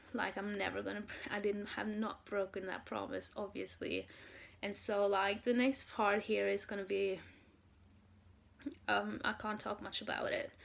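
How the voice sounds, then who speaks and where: A young woman from Norway telling a story in a casual vlog, gushing and excited, with lots of "um" and "like". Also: medium pitch, gravelly. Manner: excited, gushing, many fillers. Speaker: vlogger, fan.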